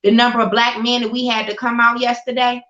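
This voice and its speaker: A woman's voice: fairly high pitch, little pitch movement, a little fast, echoey room, dull audio. A woman speaking with passion and emphasis in a casual political conversation. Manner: forceful and emphatic, preacherly build. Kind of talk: impassioned casual talk.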